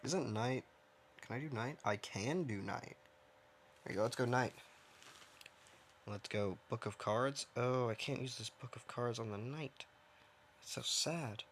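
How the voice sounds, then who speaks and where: A man giving casual, rambling commentary while he plays a game, mocking himself and thinking out loud from his own dim room. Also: medium pitch, measured pace, pauses often, a little hiss or hum. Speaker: gaming streamer.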